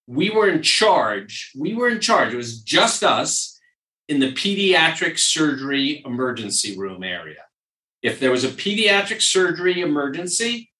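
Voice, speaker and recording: A New York man who is a surgeon hosts a casual podcast, chatting and telling stories in an animated way, repeating phrases for emphasis. His medium-pitched voice is bright and forward. He's recorded a bit off the mic and far from it, in a roomy, echoey space.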